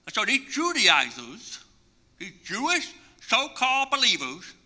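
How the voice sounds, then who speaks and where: A man's voice: very high-pitched, wildly swooping pitch, unhurried, pushed and bright. A man preaching a sermon as pastor, emphatic and repetitive, acting out imagined conversations to make his point. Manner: emphatic preaching with repeated phrases; acts out imagined dialogue for illustration.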